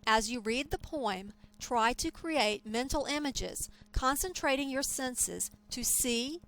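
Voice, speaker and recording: A woman teaching a lecture, explaining terms in a clear, measured way. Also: high voice, lively intonation, a bit bright, rough recording. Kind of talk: scripted lecture.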